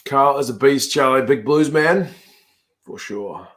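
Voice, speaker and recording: A man's voice: medium pitch, unhurried, fairly bright tone, a little hiss or hum. A laid-back man hosts a live rugby watch-along. He talks in a mid-range voice, chatting casually, reacting to each play and reading out viewer comments. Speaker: host.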